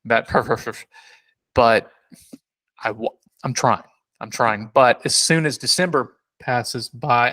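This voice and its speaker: A man's voice: mid-range voice, fairly bright tone. A man co-hosting a casual podcast, rambling and joking with many restarts. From South Carolina. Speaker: podcast co-host.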